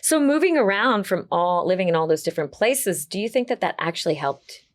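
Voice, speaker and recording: A woman hosting an interview, asking questions casually, laughing often and reacting quickly. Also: mid-range voice, lively intonation. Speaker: interview host.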